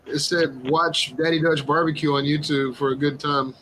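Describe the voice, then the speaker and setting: A man's voice: fairly high pitch, fairly even intonation, moderate pace, a crowd in the background, low-quality recording. A man joking and teasing the others in a casual chat.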